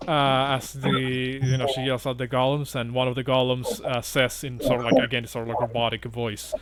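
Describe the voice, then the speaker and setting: A man's voice: mid-range voice, flat delivery. A man running a tabletop game as game master, narrating with frequent hesitations. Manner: halting, many "uh" fillers.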